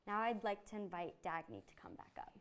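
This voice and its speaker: A woman's voice: mid-range voice, big pitch swings, a little fast. A young woman, a co-author, giving a formal, prepared thank-you speech that she reads out.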